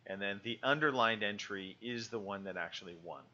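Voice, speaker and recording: Guy cohosting a podcast, low-ish bright voice, jokey, kinda dull lo-fi sound. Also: a little fast. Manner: joking, loose, lots of fillers. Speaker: podcast co-host. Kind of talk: casual podcast chat.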